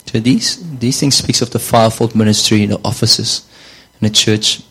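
A man's voice: on the low side, moderate pace, a bit bright, slightly rough, low-quality recording. A man preaching a sermon in a conversational way, often repeating words and saying "you know".

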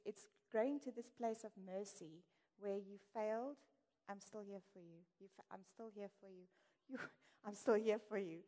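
A woman preaches in an earnest, candid and conversational way, her voice dark and mellow. Her talk carries a long reverb, as if from a large hall. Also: medium pitch. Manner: earnest, warm-hearted and candid, with light laughs. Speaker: church speaker. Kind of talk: conversational sermon.

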